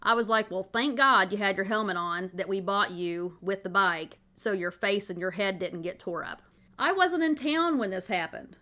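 A woman's voice: medium pitch, moderate pace, bright, forceful tone. A middle-aged woman, hosting a podcast and telling a family story in a chatty, folksy way. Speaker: podcast host.

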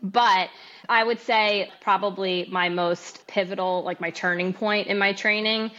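A woman in her thirties, a podcast guest, candidly recounting her story in an interview, animated and laughing at times. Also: mid-range voice, a little slow. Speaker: podcast guest, amateur boxer. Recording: slightly dull, lo-fi sound.

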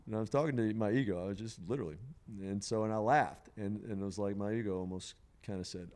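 A man with a smooth, clean voice that sits a little low, telling a long personal story at an easy conversational pace. He rambles, leans on "you know" and laughs along the way. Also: fast, hardly any pauses, darkish tone. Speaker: podcast guest sharing a psilocybin experience.

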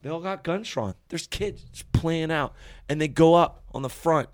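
A young man with a slightly high voice tells a long story at a moderate pace while chatting casually with friends, swearing freely and restarting his sentences as he rambles. The recording is studio quality with no room sound.

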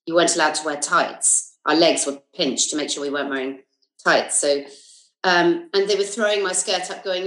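Speaking on the low side at a moderate pace, a middle-aged Englishwoman with a southern accent shares school anecdotes as a guest on a podcast. She's a comedian and actress who tells them in a lively, casual way with plenty of fillers and asides, and the room echoes noticeably.

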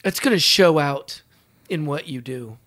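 A comedian in casual podcast talk, insistent, often repeating and restarting himself. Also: male voice, fairly high pitch, measured pace, fairly bright tone. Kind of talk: casual chat.

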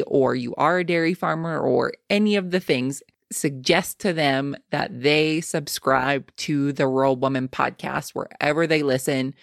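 A woman's voice: low voice, no echo, studio quality. A woman hosting a podcast, chatting casually and speaking straight to her listeners in an upbeat way. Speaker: podcast host. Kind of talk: casual podcast interview and sign-off.

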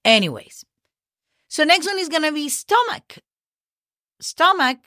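A woman's voice: high-pitched, very animated, a little slow, bright, forceful tone, no echo, clean studio sound. A woman hosting a podcast lesson, chatty and encouraging, spelling words out letter by letter. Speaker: Spanish teacher and podcast host. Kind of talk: relaxed podcast language lesson.

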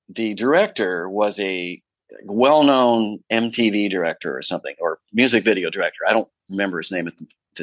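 A low-voiced man being interviewed as an actor guest, telling lively anecdotes with lots of fillers and restarts. His voice is recorded close and dry. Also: no echo, low-quality recording. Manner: animated storyteller with many fillers and restarts.

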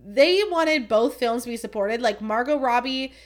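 A woman hosting a casual chat show, talking fast and loose with lots of filler words, swinging between excitement and exasperation. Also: on the high side. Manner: chatty, filler-heavy "like" talk.

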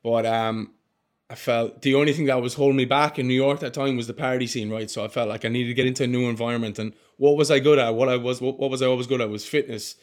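A man's voice: mid-range voice, steady tone, quick pace. A man in his twenties, a podcast guest talking casually and earnestly, often calling his friend "mate" and "bro". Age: 20s. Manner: earnest, heartfelt, peppers talk with "mate" and "bro".

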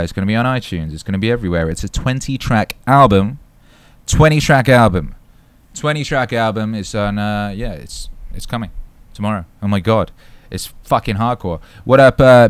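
A man hosting a live stream alone, chatting casually, reading out comments and giving shout-outs in a hyped, swearing way. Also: mid-range voice, clean tone, no room sound. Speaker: livestream host.

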